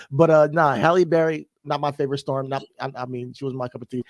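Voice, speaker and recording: A man co-hosting a casual wrestling podcast, relaxed and sure of his opinions. He stretches words out when he makes a point. His mid-pitched voice is recorded dry and close. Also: no room sound. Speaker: podcast co-host.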